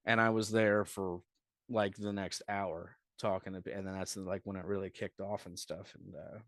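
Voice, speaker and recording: A man with a fairly low voice, recorded dry and close. He tells rambling, profane stories in a casual podcast chat as a comedian guest. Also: flat delivery, moderate pace, no echo.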